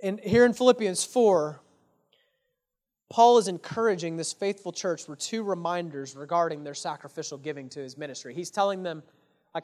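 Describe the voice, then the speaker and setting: A man's voice: high voice, normal speed, a little mellow. A man preaching an earnest sermon as a pastor, putting rhetorical questions to his congregation and addressing them casually and directly. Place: church.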